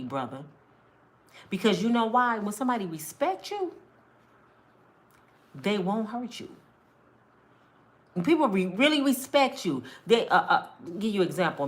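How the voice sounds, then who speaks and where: A woman, giving an emphatic, conversational talk about relationships as a mentor. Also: medium pitch. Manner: emphatic, conversational street-preacher delivery with acted quotes. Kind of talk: preachy monologue to camera.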